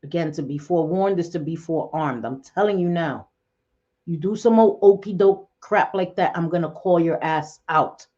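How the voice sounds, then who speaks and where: A woman hosting a casual livestream chat, talking bluntly and excitably, cursing and laughing often. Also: lowish voice, normal speed, lo-fi sound. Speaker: livestream host.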